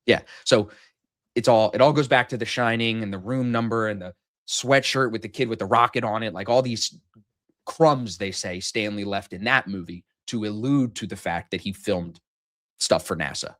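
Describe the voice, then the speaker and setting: A man in his thirties hosts a live trading stream in loose, rambling banter. His voice sits low, and he jokes and swears freely as he talks. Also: moderate pace, a bit bright.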